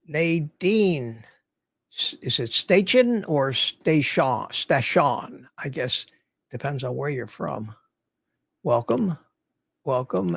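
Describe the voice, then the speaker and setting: Older livestream host, gravelly, raised pitch, dry close sound, chatty and rambling. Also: male voice, no echo. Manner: rambling, greets viewers by name. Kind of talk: casual livestream chat. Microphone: studio mic through a mixer.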